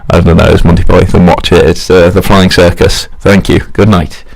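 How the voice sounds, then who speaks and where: A man's voice: low voice, fairly even intonation, normal speed, creaky, a little mellow. A young man rambling through a casual solo monologue, self-mocking and chuckling at his own jokes.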